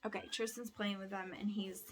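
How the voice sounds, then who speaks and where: A tired woman from Alabama, a vlogger and homeschooling mom, rambles and restarts a lot as she chats while folding laundry indoors at home, worn out from too little sleep. Her voice sits in the mid-range with fairly even intonation and a brisk pace, and there's background noise.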